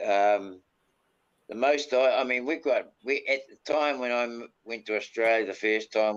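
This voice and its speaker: A man's voice: on the low side, a bit bright, smooth. A man with a New Zealand accent telling a rambling story in casual chat, full of mild swearing. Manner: rambling, peppers speech with "bloody". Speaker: panel guest. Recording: dull lo-fi audio.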